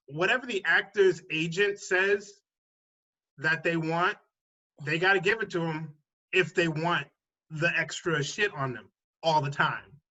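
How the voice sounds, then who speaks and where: A man's voice: a little high, bright, forceful tone, lo-fi sound. A man co-hosting a podcast, arguing his point step by step in casual chat. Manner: argues points, counting them off. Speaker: podcast co-host.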